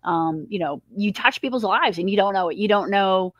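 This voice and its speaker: A woman hosts an interview and builds long questions with many "um"s. Her voice is mid-pitched for a woman. The sound is dry and close. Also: moderate pace, fairly bright tone, no echo. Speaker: host. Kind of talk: interview host.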